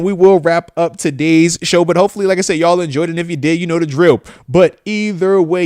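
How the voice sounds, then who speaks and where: A man in his thirties hosting a live-stream talk show, talking in an animated, slangy way and often repeating phrases and giving shout-outs. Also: a little high, clear, resonant tone, no echo, clean studio sound. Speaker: show host, former football player.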